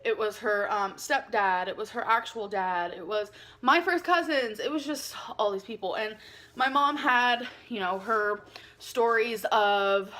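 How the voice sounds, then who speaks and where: A woman's voice: on the high side, expressive, unhurried, pushed and bright. A woman vlogging casually to camera, rambling and giggling, with lots of "like" in her speech. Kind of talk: casual confessional vlog talk.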